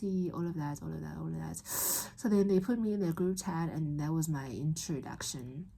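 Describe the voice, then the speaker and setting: Speaking quickly with few pauses, this young South African vlogger shares a rambling, candid personal story, emotional and at times in tears, with many restarts. Her deep voice is gravelly, husky, and mellow, and the recording quality is low.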